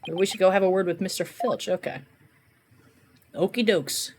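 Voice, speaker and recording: A woman's voice: medium pitch, normal speed, long pauses, slight background noise. A woman streaming a game, giggling and musing aloud as she reads. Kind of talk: gameplay commentary. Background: game music.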